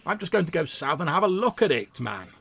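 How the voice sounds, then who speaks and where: A man's voice: a little high, big pitch swings, gravelly, a bit bright, exaggerated voice. A man voicing a proud non-human woman scout who speaks bluntly and insistently. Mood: defensive. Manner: brisk, insistent, matter-of-fact.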